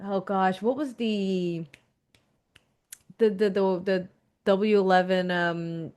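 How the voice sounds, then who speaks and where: Animated, laughing woman in her thirties. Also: mid-range voice, slow pace, smooth. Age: 30s. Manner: animated, laughs often, acts out reactions in quotes. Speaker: comic artist guest. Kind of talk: casual interview chat.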